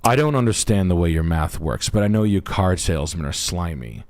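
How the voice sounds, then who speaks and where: Brash, profane man with a low voice. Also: lively intonation, fairly quick, darkish tone. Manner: brash, profane, puts on voices while telling stories. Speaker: podcast host. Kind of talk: crude comedic podcast chat.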